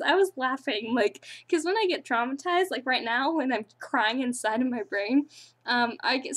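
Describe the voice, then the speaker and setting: A teenage girl telling a story to her camera, rambling with lots of fillers and breaking into giggles often. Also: sits high. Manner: rambling, with many fillers and restarts. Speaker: vlogger. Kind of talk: casual storytelling.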